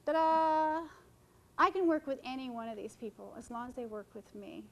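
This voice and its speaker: This woman's voice is slightly high and a little bright, with some creak, and she talks fast and animatedly. She's a wedding photographer giving an informal seminar to photographers in a conference room, chatty and joking with the audience as she hops between topics. The recording is muffled, with slight background noise.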